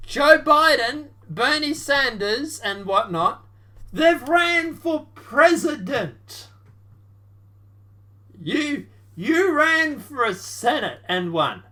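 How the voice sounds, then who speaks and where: A woman with a high voice talks over debate clips in a loose, sarcastic vlog style. She rambles, restarts her sentences and slips into mocking voices as she argues her point. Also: very animated, extremely slow, pushed and bright. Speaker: political commentary vlogger. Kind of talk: casual reaction commentary.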